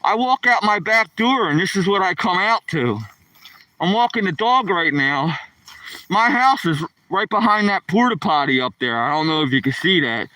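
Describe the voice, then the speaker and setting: A man's voice: high voice, animated, moderate pace, sharp tone, dry recording, distant mic, poor audio. A man in his sixties with a Philadelphia accent, chatting casually to live viewers by name while walking his dog outdoors by a lake. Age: 60s. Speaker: live streamer. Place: outdoors by a lake on a cool rainy morning.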